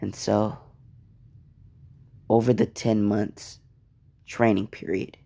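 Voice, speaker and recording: A man's voice: lowish voice, little pitch movement, slow pace, creaky, warm tone. A man telling a story casually, rambling, cursing and interrupting himself. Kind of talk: casual fan-fiction storytelling.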